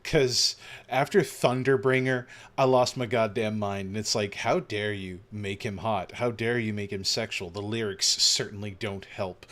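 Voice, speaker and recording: A man giving casual gaming commentary, excitable and rambling, gushing and swearing casually as he plays. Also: fairly low pitch, a little slow. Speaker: gaming video host.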